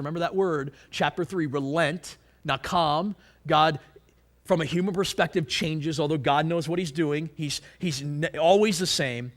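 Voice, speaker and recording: A preacher delivering a sermon in a voice pitched a little high for a man. He talks in an animated way and keeps asking his listeners questions. He often restarts and repeats his words. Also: unhurried.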